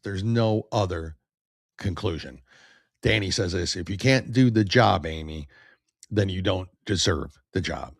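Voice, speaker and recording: A man with a gravelly, creaky voice hosts a podcast, swinging his pitch widely as he delivers blunt, opinionated commentary. He reads viewer comments aloud in a dry, close recording. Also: lively intonation, moderate pace, no room sound. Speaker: podcast host. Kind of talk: casual political commentary.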